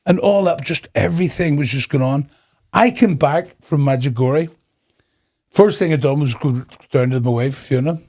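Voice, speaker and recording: Man, Northern Irish accent, husky gravelly voice, slightly high, middle-aged, lively storyteller. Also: moderate pace. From Northern Ireland. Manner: animated storyteller acting out dialogue, breaks into laughter. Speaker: guest. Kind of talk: personal testimony in a podcast interview.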